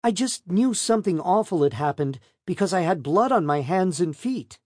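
A man's voice: high voice, expressive, normal speed, a little mellow, no echo, studio quality, voice pushed up. A man doing a guarded, indignant young woman witness. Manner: curt, evasive, indignant answers.

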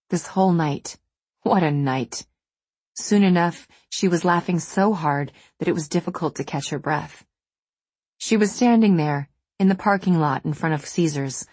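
A woman reading a novel aloud in measured, steady scripted narration. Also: low voice, slightly rough, no room sound. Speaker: audiobook narrator.

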